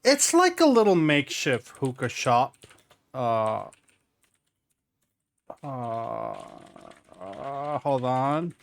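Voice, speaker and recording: Animated male game master. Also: medium pitch, extremely slow, creaky, pauses often. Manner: animated, rambling narration with asides. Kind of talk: narrating a tabletop game.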